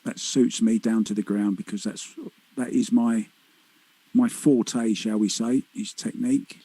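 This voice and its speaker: Husky pool commentator. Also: male voice, lowish voice, fairly even intonation, a little slow, dark tone, no room sound, rough recording. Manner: chatty, teasing, laughs easily. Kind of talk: live sports commentary.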